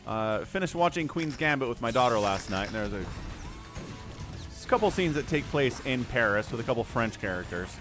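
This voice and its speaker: A man hosting a live stream and giving chatty, excitable commentary on an esports match, thinking aloud as the play unfolds. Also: mid-range voice, moderate pace, over music. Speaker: game commentator and stream host.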